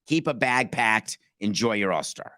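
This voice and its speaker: A man's voice: fairly low pitch, animated, moderate pace, bright, forceful tone, dry recording, studio quality. A man hosting a sports talk podcast, speaking emphatically and firing off rhetorical questions. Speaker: podcast host.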